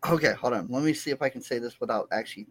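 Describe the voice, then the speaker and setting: A man's voice: mid-range voice, racing. A man in a casual online podcast chat who talks in a flustered, stalling way.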